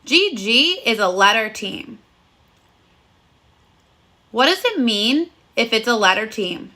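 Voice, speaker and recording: A woman's voice: on the high side, very animated, takes it slowly, pushed and bright. A woman teaching a recorded phonics lesson to first graders, speaking in a cheerful, sing-song voice and praising the children often.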